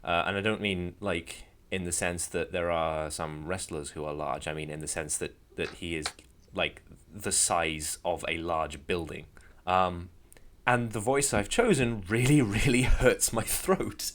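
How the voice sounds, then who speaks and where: A man with a very low voice chats casually as a podcast co-host. He rambles a little and slips in dry jokes at his own expense. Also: measured pace, fairly bright tone, a little hiss or hum. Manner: rambling, dry self-deprecating humor. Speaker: podcast co-host and game master. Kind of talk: casual chat.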